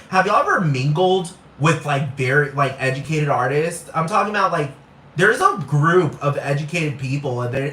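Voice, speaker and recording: In an echoey room, a vlogger delivers a blunt, heated, profane ranting monologue, going over his points again and again. His voice is a little high and fairly bright, with a slight hiss or hum.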